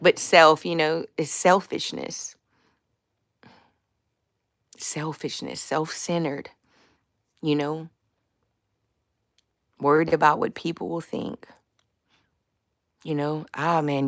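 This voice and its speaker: A woman hosting her own live stream, talking casually about faith in a slangy, animated way and laughing often. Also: low-pitched, slow pace, pauses often, no echo, clean studio sound.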